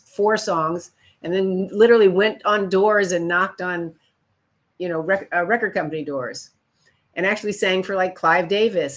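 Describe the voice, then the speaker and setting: An older woman from Chicago telling stories about her career in an interview, acting out other people's lines. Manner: animated storyteller, acts out quotes in higher voices. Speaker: guest. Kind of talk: storytelling interview.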